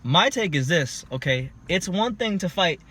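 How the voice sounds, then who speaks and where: A man hosting a casual boxing talk show, emphatic and building up to loud points. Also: sits high, animated, normal speed, breathy edge. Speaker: boxing channel host. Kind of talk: casual podcast chat.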